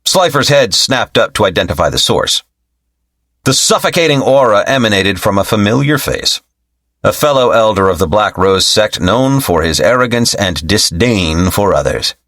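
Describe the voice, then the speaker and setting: A man with a low, lively voice reads an audiobook in an expressive storytelling style. The close mic gives a dry sound with no room. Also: normal speed, no room sound. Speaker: audiobook narrator. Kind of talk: scripted narration.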